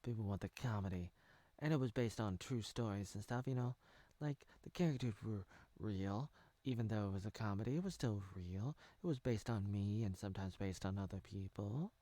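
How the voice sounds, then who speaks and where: A man's voice: fairly low pitch, normal speed, dark tone, no echo. Rambling American man riffing on a show. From United States. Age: 30s. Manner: rambling, self-correcting, jokey. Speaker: video commentator. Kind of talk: casual parody commentary over a show.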